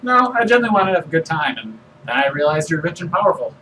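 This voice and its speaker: A self-absorbed movie-star adventurer, played by a man who talks in lively, swooping tones and always angles for a favor. The voice sits a little high and comes from a distance, with a faint hiss under it. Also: quick pace. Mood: scheming. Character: vain, money-hungry male movie star adventurer. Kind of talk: tabletop role-play in character. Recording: distant mic with faint noise.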